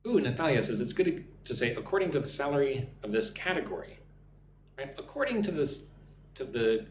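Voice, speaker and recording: A man's voice: medium pitch, big pitch swings, brisk, roomy sound, slight background noise. A man teaching English on a live stream, reading chat comments aloud and modeling sample interview answers.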